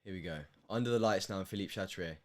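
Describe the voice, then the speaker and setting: Speaking fast in a low-pitched voice, this young man from the UK calls a match on a live stream. He's emotional, dropping to near whispers and then erupting loudly.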